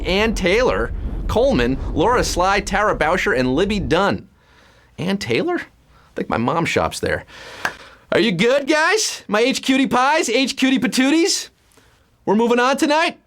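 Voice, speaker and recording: A man hosting a live trivia game show, reading questions and answers in a playful, punning, hyped-up way. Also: high-pitched. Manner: playful, punning, lively hype. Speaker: quiz show host.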